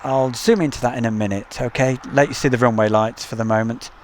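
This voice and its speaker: A man's voice: medium pitch, steady tone, fairly quick, a little hiss or hum. A man with an East Midlands accent, hosting a casual live stream outdoors and chatting as he reads out viewer messages. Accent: East Midlands English. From England. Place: outdoors near an airport at night. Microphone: camcorder mic.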